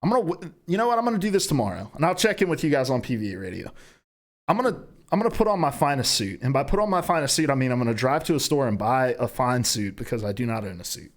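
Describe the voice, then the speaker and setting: A man's voice: medium pitch, quick pace. A young adult man hosting a gaming news rundown, talking casually and profanely and acting out imagined conversations as he reads the news. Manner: profane, animated storytelling, acting out imagined dialogue. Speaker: host of a gaming news show.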